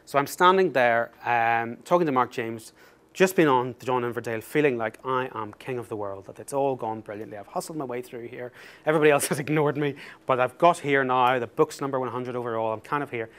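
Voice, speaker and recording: A man giving a talk as an author, telling an anecdote in a lively, self-mocking way and laughing through the story. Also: mid-range voice, brisk.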